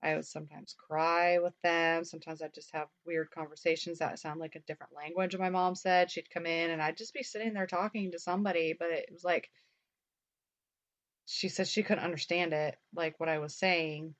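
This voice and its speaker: A woman's voice: on the low side, steady tone, normal speed. A young woman co-hosting a talk show, rambling in casual chat full of "like" and the odd swear word. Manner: rambling, chatty, peppered with "like" and mild swearing. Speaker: podcast co-host. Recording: dull lo-fi recording.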